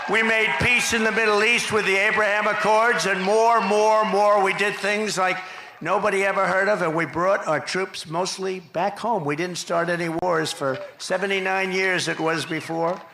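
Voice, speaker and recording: Pitched high against a noisy background, this political speaker addresses an outdoor campaign rally through a podium microphone. He wanders, says things twice and adds mocking remarks, all carried on echoey PA audio.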